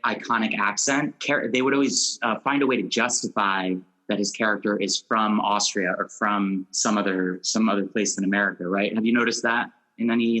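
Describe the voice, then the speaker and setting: A man's voice: medium pitch, fairly bright tone, poor audio. A man hosting a casual movie podcast, asking long rambling questions and laughing often. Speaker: podcast host.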